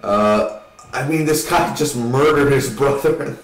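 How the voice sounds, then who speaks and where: A man giving a rambling, casual spoken film review, swearing now and then and acting out scenes in quick voices. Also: mid-range voice, echoey room, recorded from a distance, poor audio.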